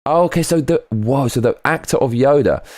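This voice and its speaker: A man hosting a livestream, reading viewer comments aloud and chatting in a rambling, animated way. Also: a little fast, no room sound, studio quality. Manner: rambling and animated, swinging pitch, frequent restarts. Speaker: livestream host.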